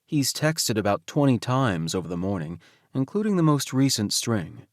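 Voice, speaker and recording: A man narrating a romance audiobook in first person, intimate and soft-spoken. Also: mid-range voice, very animated, normal speed, no echo, clean studio sound.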